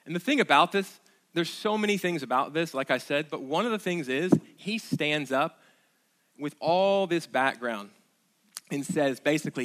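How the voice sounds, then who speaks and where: Bright-voiced, emphatic preacher. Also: male voice, on the high side, lively intonation, moderate pace. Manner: conversational, emphatic preaching with repeated phrases. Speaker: pastor. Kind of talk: sermon.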